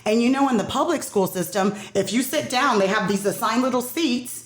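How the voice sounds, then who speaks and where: A woman's voice: a little high, a little fast. Emphatic middle-aged woman, echoey room. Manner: emphatic, quotes people in her story. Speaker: parent guest. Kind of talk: casual podcast conversation. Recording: roomy echo.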